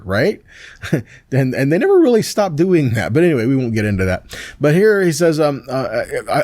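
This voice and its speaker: A man's voice: a little high, darkish tone, no echo. Man teaching scripture, dry close sound. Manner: reads scripture aloud, then explains it with frequent "see that?" and "right?"; conversational, with fillers and restarts. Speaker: pastor. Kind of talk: Messianic Torah teaching.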